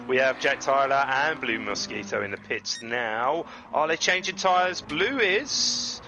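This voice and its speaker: A man commentating on an online racing league in a casual, chatty way. He is self-deprecating and breaks into excited exclamations as the cars battle. The recording carries clear background noise with game engine sounds behind him. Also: mid-range voice, unhurried, highs cut off. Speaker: race commentator.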